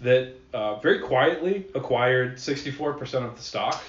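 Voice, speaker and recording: A man's voice: medium pitch, animated, moderate pace, recorded from a distance. A man telling transit history on a casual podcast, rambling with fillers and the odd swear. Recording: echoey room, slightly dull sound.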